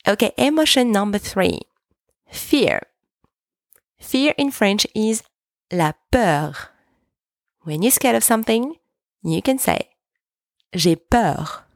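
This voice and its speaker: A woman hosting a language lesson podcast, speaking slowly and clearly and repeating each phrase so listeners can practice. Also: medium pitch, expressive, no room sound, clean studio sound. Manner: slow, careful, repeats French words for practice. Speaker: French teacher, podcast host.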